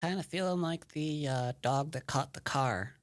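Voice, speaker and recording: Speaking a little high at a moderate pace in a dry recording, the Go player and teacher streams a game with loose, joking commentary. Wry asides and rambling are frequent, and he often trails off into mutters.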